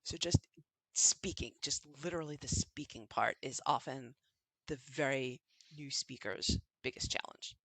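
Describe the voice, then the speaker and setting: A woman literature professor co-hosting a podcast, speaking in a measured, articulate, matter-of-fact way. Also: extremely low pitch, creaky, fairly bright tone, no room sound, rough recording. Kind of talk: conversational podcast chat.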